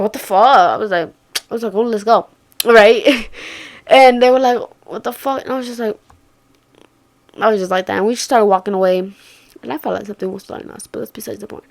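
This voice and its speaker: A young woman telling a story casually, swearing and slangy, jumping from loud outbursts to hushed murmurs. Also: medium pitch, creaky. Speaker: vlogger.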